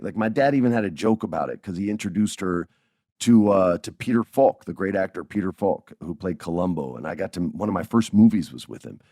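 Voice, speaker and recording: A man in his forties hosting a podcast, telling stories in a lively, joking way and laughing as he goes. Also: low voice, no echo, studio quality. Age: 40s. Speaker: podcast host. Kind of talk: casual storytelling podcast.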